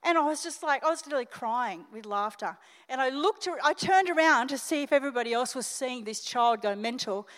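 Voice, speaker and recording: An older Australian woman preaching from the stage in a high, bright voice. She talks straight to her congregation, animated and emotional. Her words ring out with the long reverb of a church hall. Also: a little fast, hardly any pauses. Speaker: senior pastor. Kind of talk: sermon.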